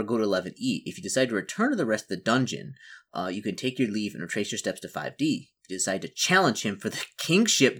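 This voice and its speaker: A man with a husky, medium-pitched voice plays through a solo fantasy gamebook, reading it aloud and chattily mulling over his options while correcting himself.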